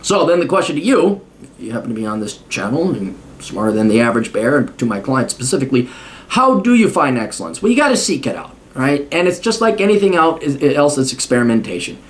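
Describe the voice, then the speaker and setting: A man's voice: mid-range voice, very animated, fast talker. A man in his forties giving a blunt, profane, opinionated casual monologue. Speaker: host.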